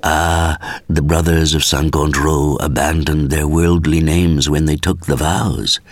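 A man reading a story aloud as scripted narration, measured and expressive. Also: a bass voice, no room sound, clean studio sound. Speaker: audiobook reader.

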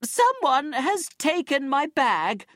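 A woman doing a shrill, screaming rich old lady. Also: very animated, slow, fairly bright tone, no echo, clean studio sound, full character voice. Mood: shrieking panic.

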